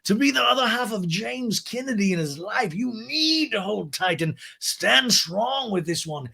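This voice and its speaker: A man impersonating an older woman restaurateur, talking slowly and archly in a raised voice. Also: sits high, lively intonation, vocal fry, bright, forceful tone, slightly rough, voice pushed up, full character voice. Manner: drawn-out, slow, arch delivery. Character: grand older woman restaurateur, slow and arch.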